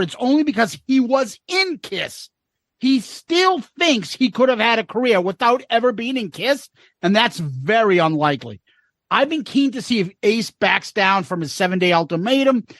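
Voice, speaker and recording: A man's voice: high voice, a bit bright, no room sound. A man co-hosting a casual podcast, reading listener comments aloud with wry asides.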